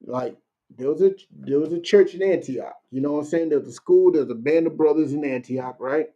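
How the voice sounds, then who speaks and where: A man leading a casual streamed Bible class, talking conversationally and reading verses out slowly. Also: on the high side, dark tone, lo-fi sound. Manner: conversational, keeps asking "you know what I'm saying"; reads verses slowly and deliberately.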